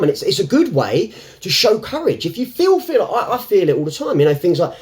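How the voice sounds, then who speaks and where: A man with a slightly high voice talks off the cuff to camera, his pitch swinging widely up and down. He rambles, breaks off to restart his sentences and laughs between thoughts. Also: sing-song, brisk, a little mellow. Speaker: self-help vlogger. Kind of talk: unscripted reflective talk to camera.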